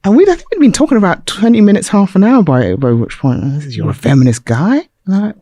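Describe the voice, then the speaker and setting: A woman music journalist, a podcast guest, telling stories from past interviews in a casual, animated way and acting out the people she quotes. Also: mid-range voice, fast, dry recording. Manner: animated, acts out quoted voices.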